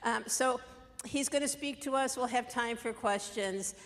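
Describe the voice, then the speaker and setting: A woman's voice: a little high, a little slow, fairly bright tone, in a large hall. A woman introducing a guest speaker to an audience in a chatty, easygoing way. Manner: chatty, light laughter between lines. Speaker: event introducer.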